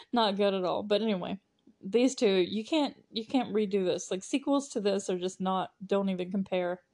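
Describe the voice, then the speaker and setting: A woman's voice: mid-range voice, normal speed, darkish tone. A woman hosting a casual movie recap podcast, chatty and laughing, with lots of fillers. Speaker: podcast host.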